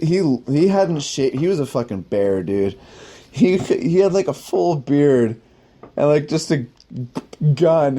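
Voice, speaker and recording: A man's voice: on the high side, mellow. A man telling a long, rambling personal story in casual, profane speech, full of "like," now and then laughing at himself. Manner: rambling, profane, heavy use of "like". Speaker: podcast host telling war stories.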